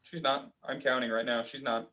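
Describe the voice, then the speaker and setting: A man's voice: medium pitch, little pitch movement, normal speed, bright, forceful tone, poor audio. A man casually recapping manga chapters as a reviewer, rambling with lots of fillers. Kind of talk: casual chat.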